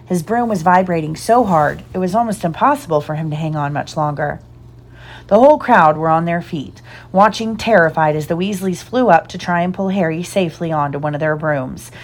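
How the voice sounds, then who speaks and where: A woman reads a storybook aloud with an animated, expressive delivery. Her voice sits slightly low. She leans into the action of each scene. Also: a little fast. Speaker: reader.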